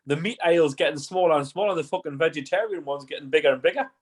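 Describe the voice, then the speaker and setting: A man's voice: a little high, fast talker, slightly rough. A man, a podcast guest, telling rambling, sweary stories in casual chat.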